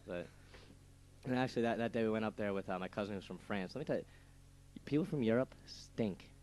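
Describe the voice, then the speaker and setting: A man's voice: lowish voice, fairly quick, darkish tone. Stammering young man rambling on radio. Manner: rambling, stammering storyteller who laughs at his own jokes. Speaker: radio show co-host. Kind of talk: casual radio banter.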